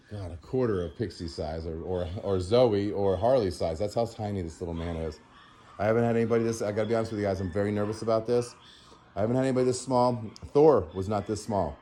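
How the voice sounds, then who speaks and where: Speaking in a fairly low voice with a slight hiss or hum, this man runs an animal sanctuary vlog and is exhausted from a sleepless night. At home he chats loosely to the camera, piling on fillers and cooing gently at a puppy.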